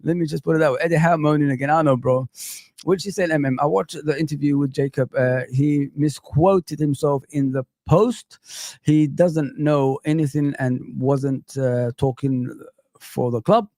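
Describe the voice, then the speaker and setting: A man hosting a casual football live stream, reacting excitedly to clips and chatting with viewers. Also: fairly high pitch, normal speed, dry recording, studio quality.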